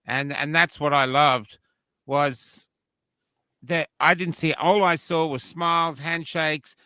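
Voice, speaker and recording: A man's voice: on the high side, fairly even intonation, slow, pushed and bright, clean tone, no echo. An Australian man hosting a casual online panel chat, opinionated and rambling with frequent restarts. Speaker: livestream host.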